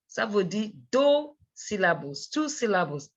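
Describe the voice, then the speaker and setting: Slow, patient woman teaching grammar. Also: mid-range voice, animated, a bit bright. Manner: slow, repeats words, checks with "okay?". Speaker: English teacher. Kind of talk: bilingual grammar lesson. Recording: dull lo-fi recording.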